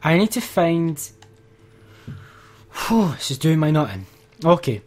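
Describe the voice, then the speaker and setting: A man's voice: on the high side, big pitch swings, a little slow, long pauses, a little mellow. A man commentating his gameplay, exasperated and ranting to his viewers. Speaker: let's play gamer.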